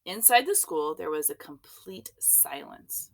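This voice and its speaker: A woman reads a children's picture book aloud, taking her time over each phrase. Her voice is low-pitched but very lively in its rise and fall, and she sometimes drops to a hush. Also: creaky, noisy background. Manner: expressive, unhurried. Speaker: storyteller. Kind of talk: children's storybook read-aloud.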